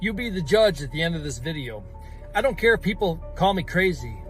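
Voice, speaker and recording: High-voiced insistent man. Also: very animated, a little fast, fairly bright tone, soft background music. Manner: insistent, challenging. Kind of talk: conspiracy commentary.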